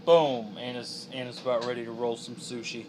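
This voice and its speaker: A man's voice: medium pitch, fairly even intonation, normal speed. A young man chatting casually on a drawing livestream, joking and reading chat aloud. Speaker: streaming artist.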